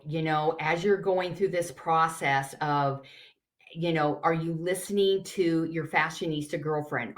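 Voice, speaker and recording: A middle-aged woman style coach teaching a class in an earnest, encouraging way, acting out little quoted asides. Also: low voice.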